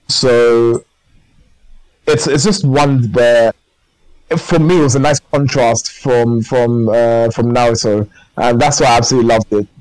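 A podcast co-host chats casually and enthusiastically, rambling as he goes. His mid-range voice is a little mellow, and the recording is rough, with no room sound.

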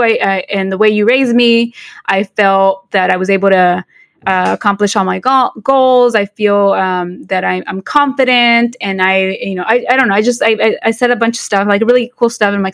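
A woman's voice: mid-range voice, no room sound, studio quality. A woman, co-hosting a podcast in casual chat, switching between English and Spanish with lots of fillers and restarts. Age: 40s. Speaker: podcast co-host.

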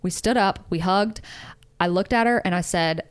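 A woman's voice: lowish voice, normal speed, clean tone. A young woman, founder of a dance studio, telling a story in casual conversation and acting out the quoted dialogue. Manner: animated, acts out quoted dialogue.

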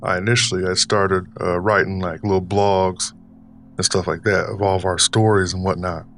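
Male podcast host, deep low register, put-on older Southern drawl, loose rambling storyteller. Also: little pitch movement, a bit bright, a little hiss or hum. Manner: deliberately puts on an older man's voice; rambling, filler-heavy, unhurried delivery. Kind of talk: casual storytelling monologue.

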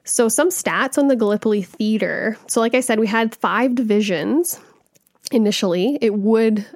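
A young adult woman co-hosting a casual history podcast, reading out facts in a conversational way with fillers and quick self-corrections. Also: a little high, a little mellow, no room sound, clean studio sound. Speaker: podcast co-host.

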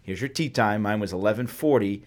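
Lower-voiced man telling a lively story. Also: fairly quick. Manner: animated storyteller, acts out quotes. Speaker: host. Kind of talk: casual storytelling chat.

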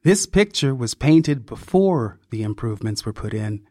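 A man narrating a story in a measured, expressive reading. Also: medium pitch, no echo, studio quality.

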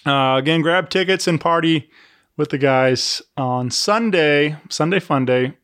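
A man's voice: on the high side, unhurried, fairly bright tone, smooth. A man hosting a casual chat, rambling with plenty of fillers. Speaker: host.

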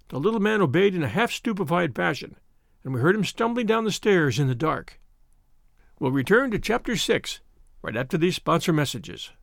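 A man narrating an audiobook in an expressive, lively reading style, close to the mic. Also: a little high, normal speed, vocal fry, dry recording.

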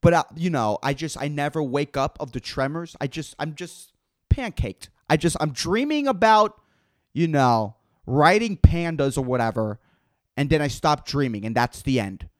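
A man's voice: a little high, expressive, normal speed. A young man hosting a casual solo podcast, rambling and swearing emphatically as he rants. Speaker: podcast host.

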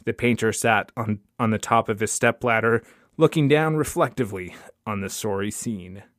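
A man reading a short story aloud for his podcast, lifting his voice for the dialogue and dropping low for the narration tags. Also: moderate pace, fairly bright tone, dry recording, clean studio sound. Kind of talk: audiobook-style story reading.

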